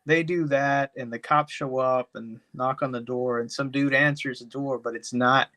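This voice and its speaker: A man's voice: mid-range voice, fairly even intonation, moderate pace, bright, forceful tone. A man co-hosting a podcast, recapping a movie plot in a rambling, profane way, packed with "you know.". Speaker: podcast co-host. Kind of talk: casual chat, movie recap.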